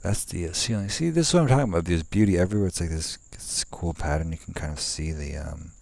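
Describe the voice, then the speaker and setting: Here a young male vlogger talks fast in a low, slightly mellow voice with vocal fry, outdoors at night and with no echo. He rambles laid-back, restarting often and leaning on fillers, and casually swears from time to time.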